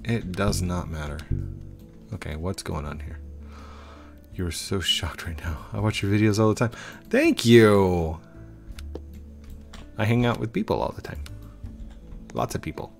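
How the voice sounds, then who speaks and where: A man in a rambling, joking gameplay commentary, with a lowish voice and a slow, unhurried pace. Faint music plays behind him. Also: sing-song, vocal fry. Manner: rambling, joking, chatting with players. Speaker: gaming video host.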